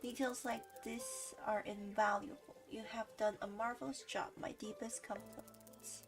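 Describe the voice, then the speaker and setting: A woman's voice: fairly high pitch, steady tone, normal speed, music in the background, close to an everyday voice. A woman doing a pompous, snooty lady customer. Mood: haughty. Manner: pompous, formal and condescending.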